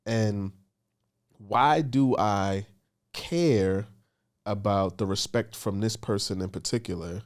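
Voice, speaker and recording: Frank, low-voiced male podcast guest. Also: slow pace. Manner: candid, emphatic, speaks frankly about himself. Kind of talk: casual podcast conversation.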